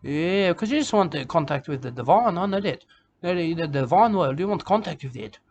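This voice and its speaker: Comic bushman poet, self-important and repetitive, raised pitch, put on by a man. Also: expressive, a little fast, a little mellow, muffled recording. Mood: rambling. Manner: rambling, repetitive, ends lines with "okay?" and "mate". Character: rambling self-important male Australian bush poet. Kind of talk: comic character monologue.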